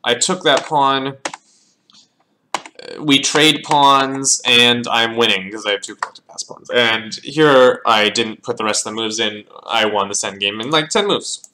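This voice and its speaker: A man's voice: mid-range voice, measured pace, bright, forceful tone, a little hiss or hum. A man casually reviewing his own chess games, thinking aloud as he calls out the moves and often repeating words. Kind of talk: casual game analysis.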